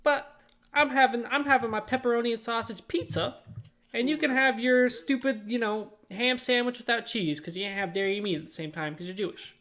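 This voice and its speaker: A man's voice: very high-pitched, a little fast, sharp tone. A man co-hosting a podcast in casual chat, talking in a profane, rambling and argumentative way. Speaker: podcast co-host.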